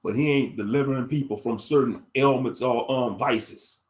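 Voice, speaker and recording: A man's voice: medium pitch, moderate pace, darkish tone. A man giving casual livestream commentary in a blunt, rambling way, repeating his phrases.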